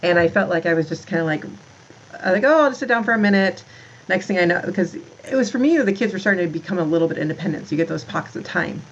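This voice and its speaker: Talking fast in a lowish voice, a woman in her thirties guests on a podcast as the founder of a moms' community. Her casual, rambling talk about motherhood is full of "like" and restarts, and the muffled recording has a little hiss or hum.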